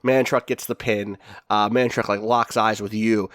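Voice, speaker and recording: Rambling game master with a runny nose. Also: male voice, fairly low pitch, flat delivery, moderate pace, fairly bright tone, no room sound, clean studio sound. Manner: rambling, laughing, many fillers. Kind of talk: narrating a tabletop game.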